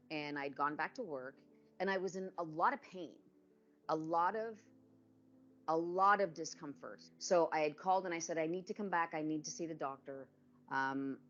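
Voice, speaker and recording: A woman's voice: low voice, vocal fry, lo-fi sound. A woman in her fifties telling her own cancer story candidly, acting out what others said to her. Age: 50s. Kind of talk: personal testimony.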